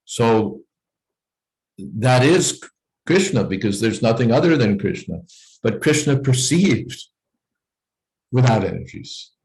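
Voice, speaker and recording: A man's voice: mid-range voice, very animated, takes it slowly, long pauses, a little mellow, rough recording. A man leading a scripture reading class over a video call, explaining points thoughtfully with frequent "you know" asides.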